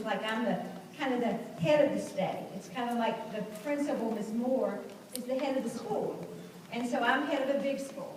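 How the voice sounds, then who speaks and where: A state governor with a fairly high voice speaks to schoolchildren at an indoor school assembly. She gives a folksy speech and explains things in simple terms. The audio has a slight hiss or hum and sounds distant and echoey in the hall.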